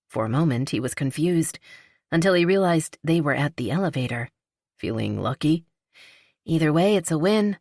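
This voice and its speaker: Low-voiced woman narrating a romance. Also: expressive, brisk, no room sound, studio quality. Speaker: audiobook narrator. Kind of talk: scripted narration.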